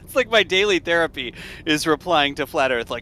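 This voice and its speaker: A man's voice: a little high, expressive, brisk, pushed and bright. A man co-hosting a casual livestream chat, joking and teasing the others.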